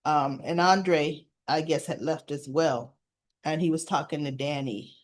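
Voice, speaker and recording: In a low, steady, unhurried voice, a woman recaps soap opera episodes for her viewers. Her telling is chatty and informal, replaying scenes through quoted dialogue.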